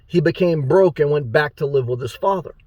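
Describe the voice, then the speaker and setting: Man, ranting vlog monologue, slightly high voice, dry close sound, blunt and crude. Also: fairly quick, warm tone, no echo, lo-fi sound. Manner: blunt, profane, rambling. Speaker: motivational YouTuber.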